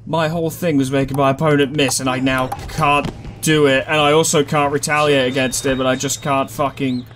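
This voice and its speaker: A man's voice: mid-range voice, little pitch movement, a little fast, fairly bright tone, slight background noise. A man giving let's-play commentary, frustrated and swearing as he talks to himself. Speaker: gaming YouTuber. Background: game music.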